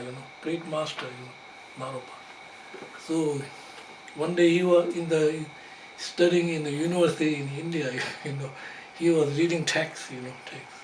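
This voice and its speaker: A man whose first language is Tibetan gives a dharma talk, halting and padded with fillers and soft chuckles. His voice sits a little high for a man. He is recorded from a distance in a reverberant hall, with clear background noise. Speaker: Buddhist teacher. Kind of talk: dharma teaching. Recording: echoey room, distant mic, background noise.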